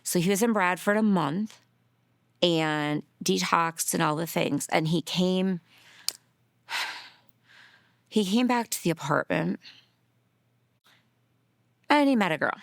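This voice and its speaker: A middle-aged woman, a grieving mother, telling her story in a documentary interview, earnest and emotional, sometimes dropping to a soft near-whisper. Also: on the low side, lively intonation, slow, gravelly, pauses often, no echo, clean studio sound.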